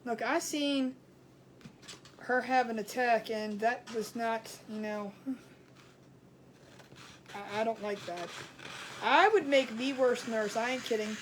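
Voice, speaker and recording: A fairly high-voiced, middle-aged woman chats with viewers like a craft host, rambling in a colloquial way and growing animated as she tells a story. She speaks slowly with frequent pauses, and a faint hiss sits behind her voice.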